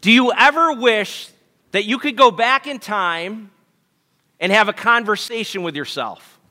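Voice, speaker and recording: A man's voice: sits high, a little slow, bright, forceful tone. A man in his thirties, a pastor preaching a sermon to his congregation in an earnest, conversational way, often asking them questions. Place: church sanctuary. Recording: long hall reverb.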